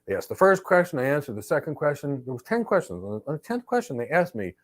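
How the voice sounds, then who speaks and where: A middle-aged man hosting a live career Q&A, telling stories in an emphatic, animated way. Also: a little high, quick pace. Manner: emphatic, animated storyteller who acts out exchanges. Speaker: host and cloud career trainer. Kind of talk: live Q&A with storytelling.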